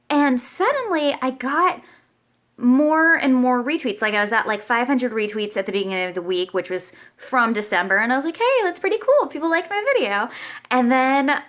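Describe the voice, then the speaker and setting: A young woman chatting casually to camera as a vlogger, bubbly and animated, jumping into high squeals when she quotes herself. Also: moderate pace.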